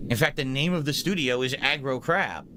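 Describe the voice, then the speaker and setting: A man streaming, talking through gameplay in an animated, rambling way, tagging lines with "right?". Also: mid-range voice, moderate pace, background noise. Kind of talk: gameplay commentary. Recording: clip with loud music behind.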